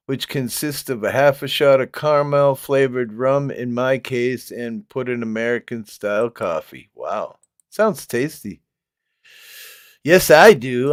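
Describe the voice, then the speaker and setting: A man's voice: medium pitch, no room sound, clean studio sound. A man with toothless, gummy speech, chatting casually on a livestream, laughing often and reading comments aloud. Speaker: livestream host reading chat.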